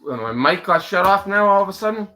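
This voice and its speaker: Heated, high-voiced man ranting on a livestream. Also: lively intonation, brisk, bright, forceful tone, a little hiss or hum, rough recording. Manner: heated, profane, confrontational. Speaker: livestream channel host. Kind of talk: angry livestream rant.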